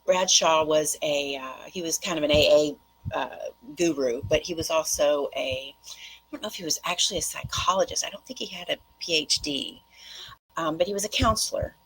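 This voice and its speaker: Gravelly low-voiced woman chatting rambly. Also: fairly bright tone, low-quality recording. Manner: chatty and rambling, quick-talking with tangents. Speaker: host. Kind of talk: casual monologue to viewers.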